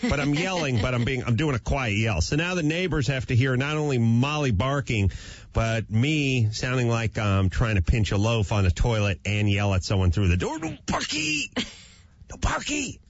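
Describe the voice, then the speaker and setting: A man's voice: medium pitch, normal speed, no echo. A man hosting a talk show, telling a comic story about his dog and acting out voices along the way. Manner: animated, acts out his dog and his own hushed yelling. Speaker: radio show host. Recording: slightly dull, dry studio sound.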